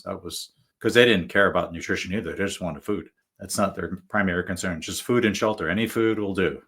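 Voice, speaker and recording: A man's voice: low voice, fairly bright tone, slightly rough. A male guest telling stories in a casual, rambling way, full of fillers and restarts. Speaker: guest author. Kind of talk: casual storytelling.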